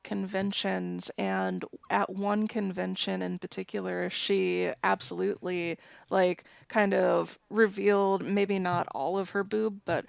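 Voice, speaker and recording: A woman's voice: mid-range voice, a little slow, vocal fry, few pauses, no echo. A woman co-hosting a podcast in casual chat, dry and teasing. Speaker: podcast co-host.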